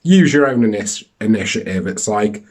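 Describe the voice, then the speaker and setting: A man's voice: lowish voice, lively intonation, normal speed, husky. A man co-hosting a podcast, throwing in sweary reactions and quips in casual chat. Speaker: podcast co-host.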